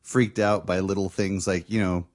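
A man casually telling a funny story on a podcast, jumping high when he imitates someone. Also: normal speed. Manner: animated, shrieks when mimicking his girlfriend. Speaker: podcast co-host.

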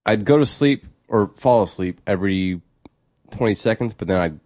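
A man's voice: on the low side, lively intonation, normal speed, darkish tone, no echo, clean studio sound. A man co-hosting a podcast, talking casually in a hesitant way with many fillers. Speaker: podcast co-host. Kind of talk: casual chat.

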